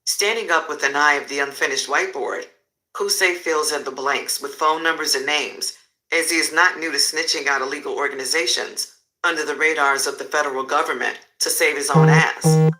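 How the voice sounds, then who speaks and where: Casting: male storyteller, raised pitch, very bright cutting tone, vivid crime narration. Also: steady tone, moderate pace, low-quality recording.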